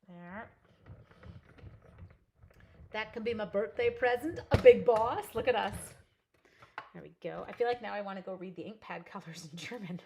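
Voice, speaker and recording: A woman's voice: mid-range voice, a little hiss or hum. A middle-aged woman from Canada hosting a live crafting class, chatting with viewers and talking herself through each step with a giggle. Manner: chatty, talks to herself while working, giggly.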